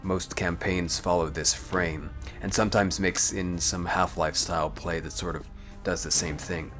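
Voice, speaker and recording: A man's voice: sits low, steady tone, unhurried. A man giving voice-over commentary on a game walkthrough, talking in a thoughtful, analytical way with frequent hedges. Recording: voice over loud game music.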